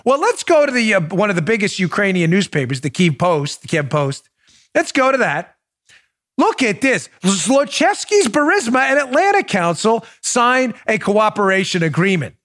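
A sarcastic male podcast host with a fairly high voice that swoops up and down. He sounds incredulous and mocking, and keeps turning to his producer as he goes. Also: sing-song, normal speed, a bit bright. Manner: talks to his producer on air. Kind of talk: political commentary.

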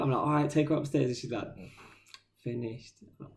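A man with a British accent co-hosting a podcast, telling stories in a casual, slangy, animated way. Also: mid-range voice, fast. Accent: British English. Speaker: podcast co-host. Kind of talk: casual chat.

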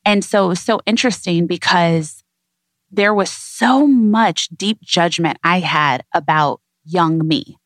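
A woman's voice: on the low side, slow, no room sound. A woman guest on an interview show, speaking earnestly and reflectively in repeated emphatic phrases.

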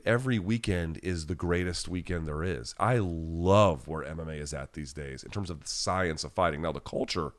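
A man hosting a live chat podcast, talking bluntly and casually and swearing freely as he answers viewers while sick at home. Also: deep voice. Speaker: podcast host.

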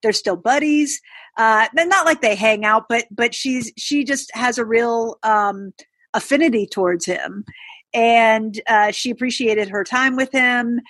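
A woman's voice: a little high, measured pace, fairly bright tone, dry recording. A woman guest on a podcast, chatting casually and rambling with many fillers and restarts. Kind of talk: casual chat.

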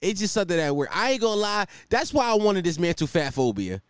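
Lively, profane male podcast host. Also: sits high, fast talker, clean tone, dry recording, clean studio sound. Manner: profane, joking, animated rambling. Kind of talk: casual comedic monologue. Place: hot room at home with a fan. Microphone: desk microphone.

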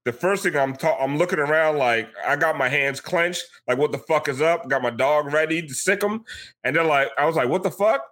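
A man hosts a casual sports podcast, telling rowdy stories in an animated way. His voice is bright and sits a little high, and the swearing flows freely. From South Florida. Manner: animated storytelling with profanity. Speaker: podcast host. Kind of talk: casual chat.

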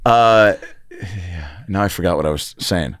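A man's voice: low-pitched, moderate pace, dry recording, clean studio sound. A man hosting a podcast in casual chat, joking and rambling, laughing often. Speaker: podcast host.

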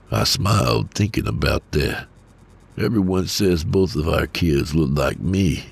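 A man narrating a first-person horror story in a calm, measured way. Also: extremely low pitch, vocal fry, slightly rough. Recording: soft music under voice.

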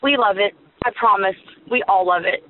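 A woman's voice: medium pitch, moderate pace, a little hiss or hum. A woman leaving a rambling, affectionate voicemail for a podcast. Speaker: caller. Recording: tinny phone line.

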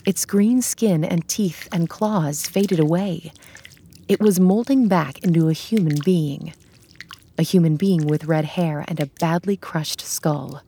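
A woman narrating an audio drama in a steady storytelling manner. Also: deep voice, unhurried, slightly rough. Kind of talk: scripted narration.

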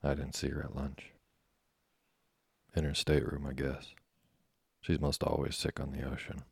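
A swaggering teenage boy who brags in slang, read by a man. The voice sits extremely low and stays flat, with a husky rasp and a dry, close sound. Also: moderate pace, no room sound, exaggerated voice. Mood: brash. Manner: cocky, slangy bragging. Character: brash boastful American teenage boy.

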